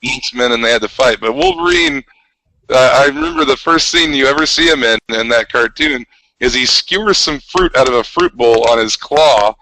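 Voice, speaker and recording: 30s guy gushing on a podcast, bright tone, mid voice. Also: medium pitch, very animated, normal speed, vocal fry, no room sound, low-quality recording. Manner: enthusiastic, nostalgic storyteller. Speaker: podcast co-host. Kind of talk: casual chat.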